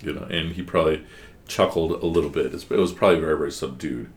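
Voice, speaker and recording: A man's voice: very deep voice, fast talker. A man teaching a one-on-one class, explaining patiently and asking guiding questions.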